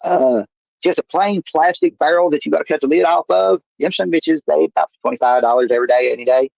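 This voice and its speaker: A man's voice: a little high, fast talker, creaky, a little mellow, no echo. Guy rambling folksy sales talk, muffled dry stream audio. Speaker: stream guest. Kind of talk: casual talk.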